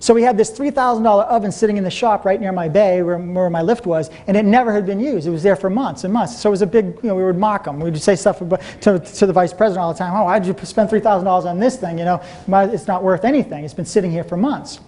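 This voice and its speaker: A man giving a motivational seminar talk to a live audience, telling stories in an animated way and laughing often. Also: high voice, fast, few pauses. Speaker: seminar speaker.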